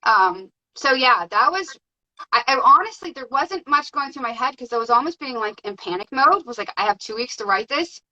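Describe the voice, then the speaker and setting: A woman guest telling her story in a casual, excited way, with many fillers. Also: high voice, normal speed, dull audio. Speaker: podcast guest.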